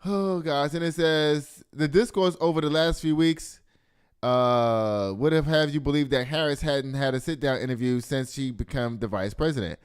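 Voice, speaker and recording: A man's voice: a little high, moderate pace, clear, resonant tone. A man hosting a casual news and gossip commentary show, talking straight to his viewers as "y'all" and swearing freely.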